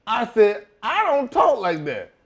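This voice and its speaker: Middle-aged male guest, slightly high voice, profane blunt storyteller who voices both sides of every exchange. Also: wildly swooping pitch, measured pace, a bit bright, breathy edge. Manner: blunt, swears often, acts out both sides of quoted talk. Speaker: wrestler telling stories as a guest. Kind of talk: profane shoot-interview storytelling.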